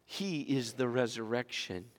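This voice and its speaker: Male pastor delivering a dramatic sermon with sharp dynamic swings, in a church with long reverb. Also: mid-range voice, measured pace. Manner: dramatic swings from loud emphasis to hushed whispers. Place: church sanctuary.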